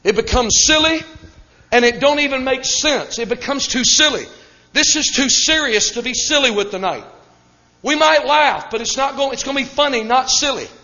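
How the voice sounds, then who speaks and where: A man's voice: very high-pitched, normal speed, pushed and bright. A Pentecostal man preaching a sermon in a fervent, emphatic way, repeating key phrases for weight. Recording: dull recording in a reverberant hall.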